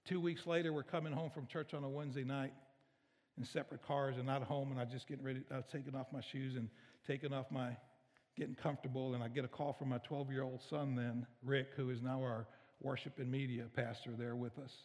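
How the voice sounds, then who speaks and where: A man's voice: medium pitch, level tone, brisk, darkish tone. A middle-aged male pastor, preaching a sermon in a conversational, storytelling way that turns emotional. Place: church sanctuary. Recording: reverberant church hall.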